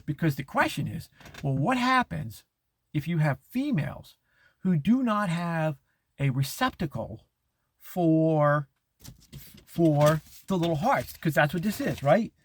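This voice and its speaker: A man's voice: animated, a little hiss or hum. A middle-aged man hosting a podcast, talking in a rambling monologue with many restarts and false starts. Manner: halting, many restarts, mocking falsetto impressions. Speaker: podcast host.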